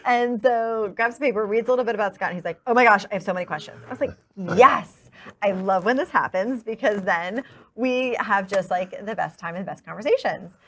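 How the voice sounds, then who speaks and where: A woman's voice: medium pitch, a little fast, a little hiss or hum. Chatty upbeat woman podcast host. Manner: chatty, upbeat, rambling with fillers. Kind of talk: casual podcast chat.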